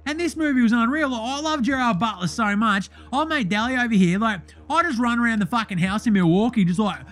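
Brash Australian sports bloke, put on by a man, crude and swaggering, pitched high for a comedy bit. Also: brisk, a bit bright. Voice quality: brash, swaggering, foul-mouthed. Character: crude rowdy Australian male basketballer.

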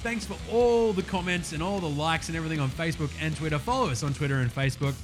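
A man with an Australian accent hosting a basketball podcast, talking in a relaxed, sweary, laid-back way. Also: a little high, quick pace, over music. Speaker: podcast host. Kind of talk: casual podcast chat.

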